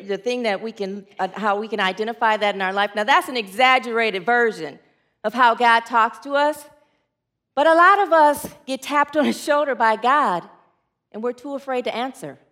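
High-pitched lady preacher, chatty and animated, laughs along with the crowd. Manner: lively, laughing, conversational. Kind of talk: sermon with a comic story.

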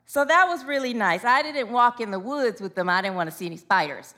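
A woman's voice: on the high side, brisk. A woman minister giving a chatty, informal sermon full of personal stories, often laughing as she tells them. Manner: chatty, laughing, animated storytelling.

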